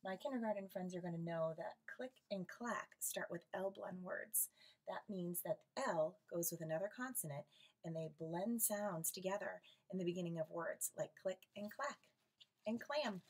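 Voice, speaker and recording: A woman teacher reading a picture book aloud to young students, expressive and animated, pausing for friendly asides. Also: lowish voice. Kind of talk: read-aloud storytime for children.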